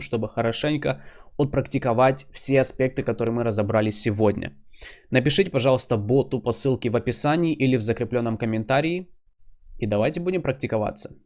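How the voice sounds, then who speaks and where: A man's voice: mid-range voice, a little mellow. A male English teacher whose first language is Russian, giving a grammar lesson and acting out short dialogue examples. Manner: explains clearly, then acts out short dialogue examples.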